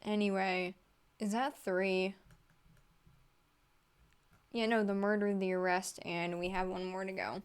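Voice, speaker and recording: A woman reading fan fiction aloud for laughs, giggling and tossing in deadpan asides. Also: mid-range voice, a little slow, pauses often, smooth. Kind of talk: comedic read-aloud storytelling.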